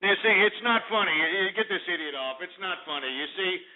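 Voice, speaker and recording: A man's voice: high-pitched, animated, fairly quick. A man hosting a call-in radio show, ranting angrily and berating his callers. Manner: angry, exasperated, insulting callers. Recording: tinny phone-like audio.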